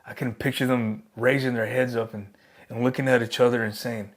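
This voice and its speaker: Man, bible teacher, sermon, earnest, emphatic, mid-pitched voice, slows on key phrases. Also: level tone.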